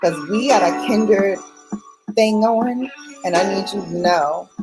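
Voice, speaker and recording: A woman's voice: medium pitch, slow pace, rough recording. A woman hosting a late-night live stream, chatting casually and affectionately with viewers, laughing often and using playful slang. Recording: music in the background. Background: music playing.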